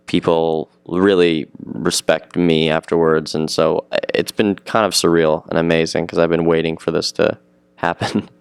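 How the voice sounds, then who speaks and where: A teenage young man with a low, deep voice, speaking eagerly and at length in a relaxed interview. His tone is smooth and clear, and the sound is close and dry with little room echo. He rambles and circles back on his own words. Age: teens. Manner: eager, rambling, repeats himself. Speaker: actor being interviewed. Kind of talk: casual interview chat.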